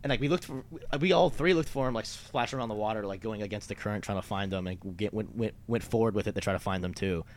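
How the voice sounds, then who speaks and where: Fast-talking young man rambling a story. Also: lowish voice, a little hiss or hum. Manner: rambling, many fillers and profanity. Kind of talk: casual chat.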